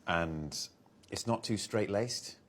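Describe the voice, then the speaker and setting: A man, an actor, answering interview questions casually, halting and restarting as he talks. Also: lowish voice.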